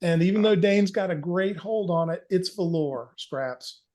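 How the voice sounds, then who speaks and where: A man narrating as game master of a tabletop horror game, relaxed and folksy, laughing now and then. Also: high-pitched, unhurried.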